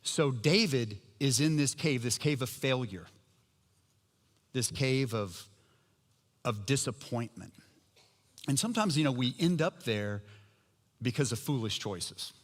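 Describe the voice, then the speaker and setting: A man's voice: mid-range voice, expressive, unhurried, pauses often. A middle-aged man preaching a sermon, telling a personal story in a conversational, humorous way. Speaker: pastor. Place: church sanctuary. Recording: long hall reverb.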